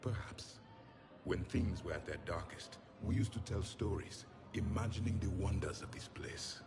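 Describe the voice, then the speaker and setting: An actor playing a proud, scornful ancient alien soldier who speaks in a grave, measured, condescending way. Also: male voice, fairly low pitch, over loud music, natural voice. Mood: brooding.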